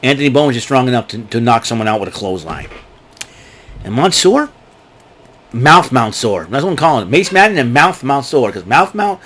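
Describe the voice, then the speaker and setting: A man reviews a wrestling show in a casual, rambling way, his husky, medium-pitched voice moving a little fast. He's animated and keeps laughing at his own jokes.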